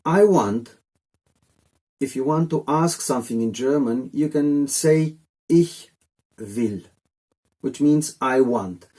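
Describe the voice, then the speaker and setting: Male tutor, relaxed mellow tone, loose jokey delivery for a casual video lesson. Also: on the high side, takes it slowly. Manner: rambling, chatty, jokey asides. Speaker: language teacher.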